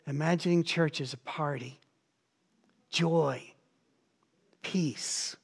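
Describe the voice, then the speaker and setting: A middle-aged man delivers a sermon in a voice set a little high for a man. He preaches in an animated, storytelling way. He slips into the voices of the people he quotes. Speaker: pastor.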